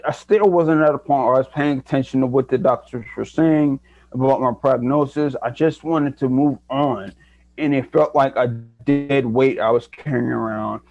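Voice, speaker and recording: A man's voice: medium pitch, fairly even intonation, normal speed, a little mellow, soft background music. A young man, a guest in an interview, telling his own story in an earnest, reflective way and often restarting his sentences. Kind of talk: candid personal story. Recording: dry, dull lo-fi sound.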